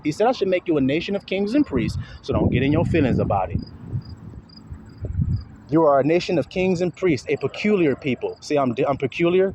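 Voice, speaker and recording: A man's voice: a little high, darkish tone, highs cut off, slight background noise. A man preaching outdoors in a confrontational, profane way, firing rhetorical questions while walking. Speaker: self-styled religious teacher. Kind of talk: street preaching monologue.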